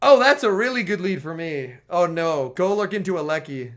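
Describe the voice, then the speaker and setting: A man with a hoarse, strained voice streams a game and talks to his viewers. His voice sits high and jumps all over, and the tone is bright and sharp. He reacts excitably to each turn of play. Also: moderate pace. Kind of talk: casual gaming livestream chat.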